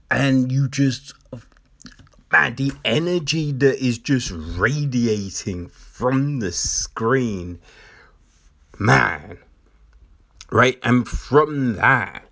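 A man reviewing a film in a casual, animated way, often checking in with "right?" and repeating phrases for emphasis. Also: mid-range voice. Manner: animated retelling with frequent "right?" and "like".

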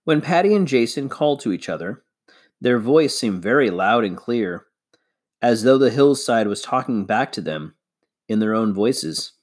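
A man reads a children's science-fiction novel aloud. His delivery is measured and expressive, with a mid-range voice that rises and falls animatedly. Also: medium pitch. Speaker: reader.

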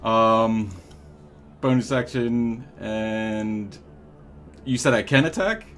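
A man playing a tabletop game talks slowly, his voice bright and forward. He thinks aloud hesitantly, starting and restarting his sentences. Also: on the low side, slight background noise. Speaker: player.

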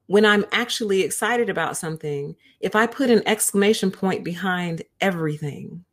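A woman's voice: medium pitch, slightly rough. A woman hosting a book review livestream, chatting casually and talking straight to her viewers. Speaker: host of a book review show.

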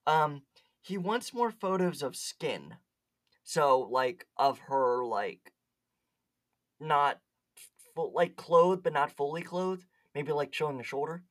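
A giggly podcast co-host in loose, casual chat with a medium-pitched voice. They read chat logs aloud, padding them with fillers and laughs. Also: animated, slow.

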